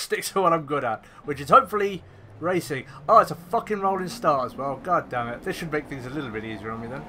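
A young man giving excitable live commentary on a racing game, swearing whenever things go wrong. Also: a little high. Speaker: gaming YouTuber.

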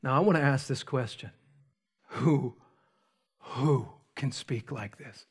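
A man preaching a sermon as pastor, speaking emphatically with dramatic pauses and rising intensity. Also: mid-range voice, husky. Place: church sanctuary.

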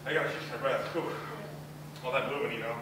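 A young adult man delivers student stand-up at a university talent show, his medium-pitched voice fairly even in intonation. He rambles and pokes fun at himself with quick acted-out asides, while a distant, very echoey hall mic catches a noisy background of crowd sounds and laughter.

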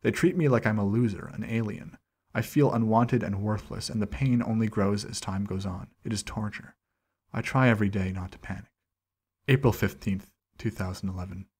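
A man reads a journal aloud in the first person at an even, measured pace, and he slows down on each date. His voice sits fairly low and has a husky, breathy grain. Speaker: channel host reading a document aloud.

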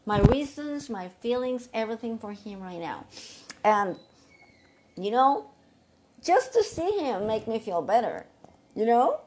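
Earnest middle-aged woman with halting phrasing. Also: mid-range voice, big pitch swings, a little hiss or hum. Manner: earnest, repeats herself, speaks in short halting phrases. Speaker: vlogger giving life advice. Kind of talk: casual talk to camera.

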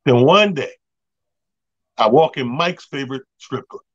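A man's voice: medium pitch, lively intonation, a little slow, slightly rough, highs cut off. A middle-aged man, a comedian, telling a story in a slangy, emphatic way and acting out both sides.

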